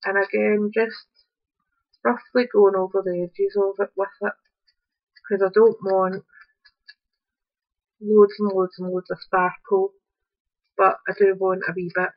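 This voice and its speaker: A woman's voice: medium pitch, little pitch movement, measured pace, pauses often, highs cut off. A woman, chatting casually while demonstrating a craft project at home and thinking aloud as she works. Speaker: craft tutorial host. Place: upstairs room at home.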